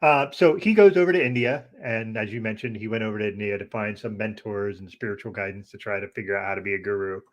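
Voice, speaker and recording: A man co-hosting a podcast, recounting things in a relaxed, wry way with frequent "uh" pauses. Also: lowish voice, lo-fi sound. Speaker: podcast co-host. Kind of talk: casual discussion.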